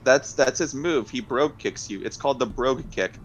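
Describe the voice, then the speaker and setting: A man's voice: medium pitch, brisk, slight background noise, rough recording. A man co-hosting a livestream, chatting casually in a rambling, joking way with swearing. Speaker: co-streamer. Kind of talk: casual chat.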